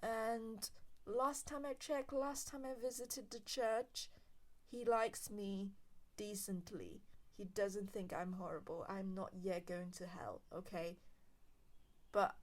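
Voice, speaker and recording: A woman's voice: medium pitch, fairly even intonation, slow. A woman hosting a casual solo talk show, ranting in an exasperated way and dropping to whispers for emphasis, recorded on a handheld recorder. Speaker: podcast host.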